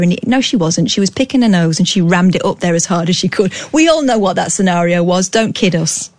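A woman's voice: on the low side, expressive, fairly quick, few pauses, a little mellow, dry recording. A woman in her thirties with a British accent, hosting a late-night radio phone-in and telling stories in a jokey, chatty way. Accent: British English. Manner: chatty and jokey, storytelling with playful asides. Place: radio studio. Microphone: studio microphone.

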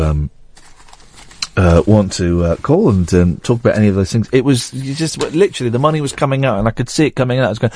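A man hosting a late-night phone-in show, joking and teasing with an animated voice that rises and falls a lot. His voice sits mid-range and sounds close and dry on the studio mic. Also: mid-range voice, moderate pace, no room sound. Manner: playful, jokey, animated. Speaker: radio talk show host.

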